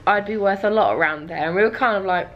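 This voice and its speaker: A woman's voice: medium pitch, fast, muffled recording. A young woman vlogger telling a travel story to camera in a chatty, casual way, laughing often and dropping dry asides.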